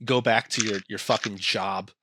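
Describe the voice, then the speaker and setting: A man's voice: on the low side, fairly even intonation, normal speed, noisy background. A man co-hosting a podcast in casual chat, emphatic and stumbling over his words. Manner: emphatic, hesitant, profane. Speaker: podcast co-host.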